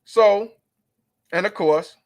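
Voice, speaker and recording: A man's voice: sits high, slow pace, dull audio. A man hosting a livestream, ranting bluntly and profanely in heated commentary. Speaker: livestream host.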